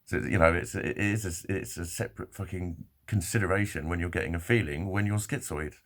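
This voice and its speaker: Speaking a little fast in a low voice, a male vlogger tells a rambling personal story to the camera. He swears freely and laughs often as he gives an animated, casual monologue.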